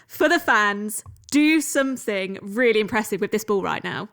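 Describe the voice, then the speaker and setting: A woman's voice: medium pitch, expressive, normal speed, vocal fry, fairly bright tone. Playful woman interviewer. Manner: playful, laughing often. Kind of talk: quick-fire interview questions.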